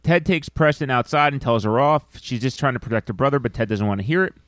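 A man's voice: medium pitch, fast talker, a bit bright, no echo. Man recapping a plot in casual chat. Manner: recaps the plot in long stretches, dry asides. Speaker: podcast co-host recapping a film.

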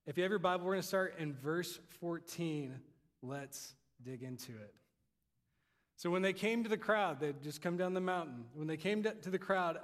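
A young adult man preaching a sermon in a conversational, storytelling way. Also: a little high. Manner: conversational, animated storytelling with laughs. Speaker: pastor. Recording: long reverb of a hall.

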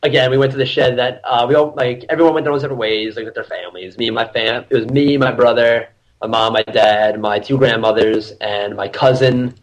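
A young man in his twenties, a podcast guest, chatting casually and telling lively stories full of laughter and shouted quotes. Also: mid-range voice, fairly quick, hardly any pauses, lo-fi sound. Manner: animated storyteller, laughs often, acts out shouted quotes. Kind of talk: casual chat.

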